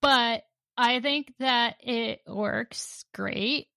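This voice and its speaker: Slow, bright-voiced giggly woman. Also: on the high side, creaky, dry recording. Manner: giggly, enthusiastic, swears freely. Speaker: comic book podcast co-host. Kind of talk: casual chat.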